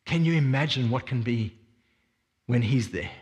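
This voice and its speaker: A man preaching a sermon as a pastor, reading scripture and expounding it with expressive emphasis. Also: mid-range voice, moderate pace. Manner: expressive preaching, swings between quiet reflection and emphatic energy.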